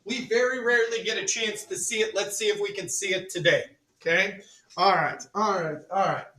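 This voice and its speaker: A male chemistry teacher running a classroom demonstration, joking with students, repeating "all right" and calling the class ladies and gentlemen. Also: high-pitched, a little fast. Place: school classroom. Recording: echoey classroom from far off.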